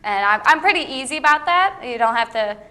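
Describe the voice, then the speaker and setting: Young female bachelorette contestant, bright, somewhat high voice, hesitant and easygoing answers. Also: animated, a little fast. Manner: hesitant, filler-heavy, easygoing. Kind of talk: comedic dating game show.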